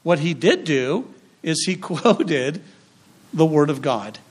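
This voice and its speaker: A male pastor delivering a sermon in a fairly high voice. He preaches emphatically, leaning on repetition and dramatic pauses, and slips into other voices for the quotes he acts out. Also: big pitch swings, breathy edge.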